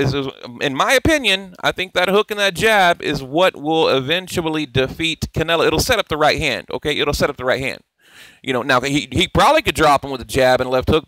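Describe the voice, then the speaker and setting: A man's voice: fairly high pitch, pushed and bright, no room sound. Profane, rambling male boxing commentator. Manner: rambling, profane, opinionated, self-interrupting. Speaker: boxing channel host. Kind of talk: casual commentary over on-screen clips.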